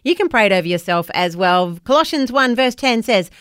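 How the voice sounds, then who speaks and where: A woman from New co-hosts a breakfast radio show, bubbly and playful. Her pitch moves up and down a lot as she speaks. The studio microphone gives a close, dry sound. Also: lively intonation, a little fast, few pauses, fairly bright tone, clean tone, no echo. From New Zealand. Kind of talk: casual radio banter and devotional reading.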